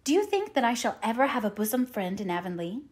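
A woman reads as a chatty young orphan girl in a storybook reading, full of eager daydreams. Her sentences run on breathlessly and lift with rapture. The voice sits a little higher than the narration around it. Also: sing-song, quick pace, a little mellow. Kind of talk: audiobook character reading.

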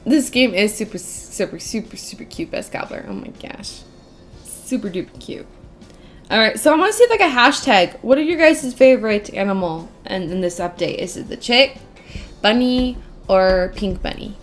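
A woman's voice: medium pitch, sing-song, normal speed, faint music behind. A young woman giving casual gameplay commentary, gushing and squealing over cute things with lots of giggles. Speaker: gaming channel host.

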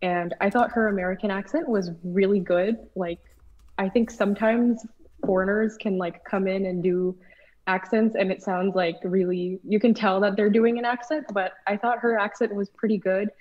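A woman's voice: mid-range voice, fairly even intonation, normal speed, a little mellow, dull audio. A woman guest on a casual panel discussion who rambles and fills her sentences with "like". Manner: rambling, heavy use of "like".

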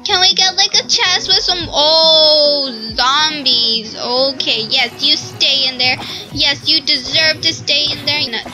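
A woman giving excitable let's-play commentary as she plays, often squealing and laughing as things happen. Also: high-pitched, slow pace, rough recording. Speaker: gaming video host. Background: background music.

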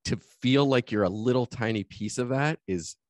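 A man's voice: mid-range voice, normal speed, no room sound, studio quality. A man hosting a podcast, also a coach, talking with enthusiasm in long flowing thoughts. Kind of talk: casual interview chat.

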